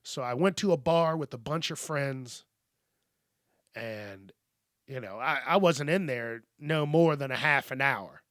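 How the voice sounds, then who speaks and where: A man's voice: mid-range voice, measured pace, fairly bright tone, no room sound. Profane, blunt man, dry close sound. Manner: profane, blunt, rambling with restarts. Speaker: podcast host. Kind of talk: casual storytelling monologue.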